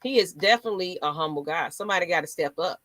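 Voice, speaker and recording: Fast and fairly low-pitched, her voice has a slightly bright edge in a dry recording. The sports channel host rants dramatically and sassily for her fans, slipping into mock voices.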